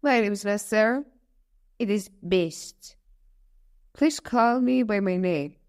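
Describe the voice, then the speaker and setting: A woman's voice: mid-range voice, takes it slowly, a little mellow, clean tone. A woman voicing a huge, angry male beast in a storybook, stern and scolding.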